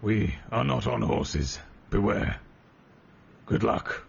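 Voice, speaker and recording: A man voicing a gruff, half-beastly male ally whose words come out with growling inflections. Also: fairly low pitch, animated, slow pace, a little hiss or hum, exaggerated voice. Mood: gruff urgent. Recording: dull lo-fi sound.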